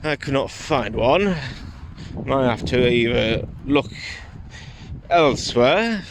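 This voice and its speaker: Man, casual vlogger, slow and rambling; phone mic outdoors with loud wind noise. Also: mid-range voice, lively intonation. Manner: rambling, hesitant, many fillers. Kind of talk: casual vlog chat.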